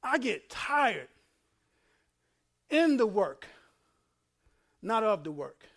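High-voiced preaching man, shouts and laughs. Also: sing-song, extremely slow. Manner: swings from low murmur to shouting, laughs often. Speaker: pastor. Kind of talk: sermon. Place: church.

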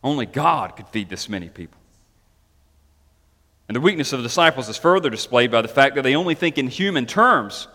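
Bright-voiced man preaching in a hall. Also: mid-range voice, a little fast. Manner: lively preaching with asides and laughs, rising emphatic questions. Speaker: pastor. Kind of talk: sermon. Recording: long hall reverb.

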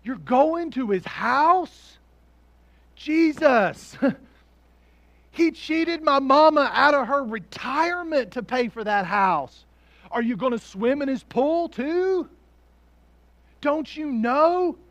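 A pastor plays an indignant townsman, a man who was cheated and is now shouting his grievances in a high, raised voice. He sounds loud and outraged, firing off one accusing question after another. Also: expressive, slow, long pauses, no room sound, heavily acted.

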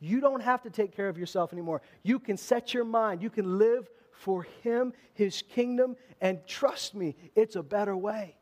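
A man preaching a sermon to his church in a conversational, animated way, with emphatic rises in his voice. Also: high-pitched, moderate pace, few pauses. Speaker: pastor.

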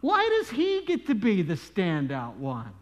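A man preaching a sermon as pastor, telling stories in an animated way with frequent asides. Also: high voice, a little slow. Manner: animated storytelling with frequent "you know" asides. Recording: long reverb in a large hall.

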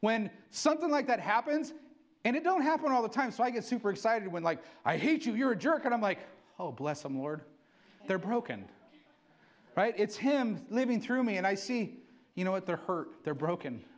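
A middle-aged male pastor giving an excitable sermon, acting out quotes as he preaches. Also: very high-pitched, fairly quick.

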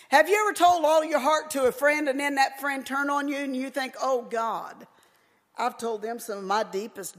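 A woman preacher delivering a sermon, emphatic and folksy, her voice rising toward near-shouts in a church. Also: a little high. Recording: echoey hall with long reverb.

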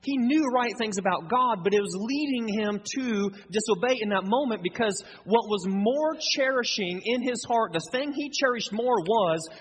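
A man preaching a sermon, acting out dialogue in a lively conversational way with a husky voice. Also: high-pitched, normal speed, hardly any pauses. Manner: animated, acts out dialogue, conversational asides. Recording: long hall reverb.

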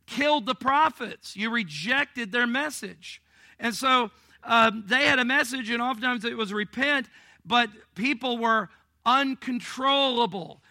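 A man preaching a sermon as a pastor, in a conversational way with humorous asides, swinging between emphatic and quiet delivery. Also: high voice, no echo, clean studio sound. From Illinois.

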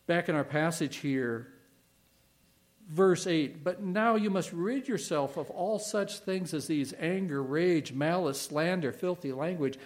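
A middle-aged man preaching a sermon as a pastor, earnest and emphatic, pausing and repeating key words. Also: on the high side.

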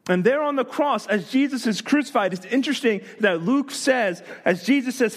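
A man preaching a sermon as pastor, animated, with rhetorical questions and light humor. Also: extremely high pitch, normal speed, few pauses.

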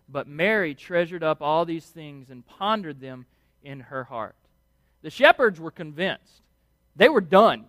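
A high-pitched man delivering a sermon with animated, conversational storytelling. He slips into quick acted voices as he goes. The sound is dry and close, with no room echo. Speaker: preacher.

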